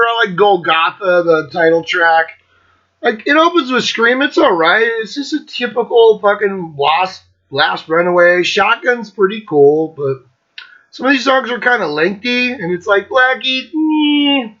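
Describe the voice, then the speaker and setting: A sarcastic, foul-mouthed man with a bright, forceful voice that sits a little high for a man. He rambles through album opinions in a loose, joking chat, heard on a dull, lo-fi recording. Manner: profane, sarcastic, laughs often. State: coughing, throat clearing. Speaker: metal show host. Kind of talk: casual solo chat reviewing albums.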